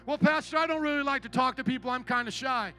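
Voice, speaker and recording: A sheepish churchgoer full of excuses whines in a high, pinched voice, as a preacher mocks him from the pulpit. The tone is teasing. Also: male voice, quick pace, bright, forceful tone, soft background music. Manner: mocking, higher-pitched mimicry.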